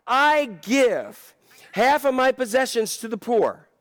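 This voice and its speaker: A man's voice: very high voice, very animated, takes it slowly, no room sound, clean studio sound, pitched above the performer's own voice, full character voice. A man preaching, acting out a small, remorseful tax collector who blurts out promises in an overwhelmed rush. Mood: pleading.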